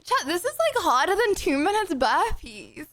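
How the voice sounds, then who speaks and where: A woman streamer chatting casually to her live audience, playfully bossy and full of quick asides. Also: extremely high pitch, sing-song, a bit bright.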